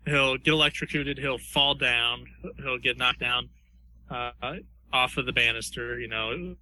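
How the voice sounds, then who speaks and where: Man, podcast co-host, very bright voice, casual chat, hesitant, repeats himself. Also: medium pitch, fairly even intonation, measured pace, poor audio. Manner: hesitant, repeats words while thinking. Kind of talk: casual chat narrating a fight scenario.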